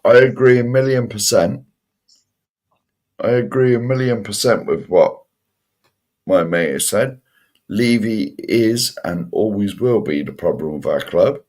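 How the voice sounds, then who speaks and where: A man co-hosting a casual pub chat show, friendly and animated, calling everyone mate. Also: lowish voice, measured pace, pauses often. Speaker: podcast co-host.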